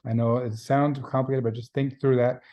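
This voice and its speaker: A man's voice: medium pitch, level tone, brisk, highs cut off. A man teaching a beginning Spanish class in a recorded lecture, explaining grammar patiently and repeating the key points. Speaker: Spanish instructor.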